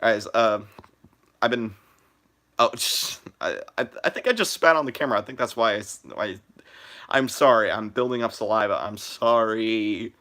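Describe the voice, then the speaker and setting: A man's voice: lowish voice, moderate pace, sharp tone. A young man chatting casually on a live stream, rambling with many fillers and restarts.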